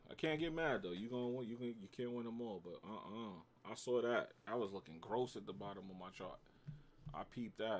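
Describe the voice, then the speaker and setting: A man's voice: fairly low pitch, expressive, fairly quick. A man with a New York accent, hosting a casual trading livestream, bantering with his chat in slangy talk and reacting to his trades.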